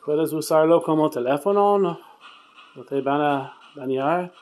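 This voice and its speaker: A man on a solo ghost-hunting vlog in a dark hotel room at night, talking in a hushed voice and calling out to spirits. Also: on the high side, moderate pace. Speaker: paranormal investigator.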